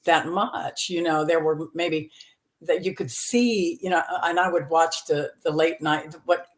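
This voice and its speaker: A woman's voice: deep voice, steady tone, measured pace. Woman, seventies, from Texas, comedian, podcast guest, frank storytelling, laughs a lot, lots of fillers. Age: 70s. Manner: laughs often, talks frankly with many fillers. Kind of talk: candid personal storytelling.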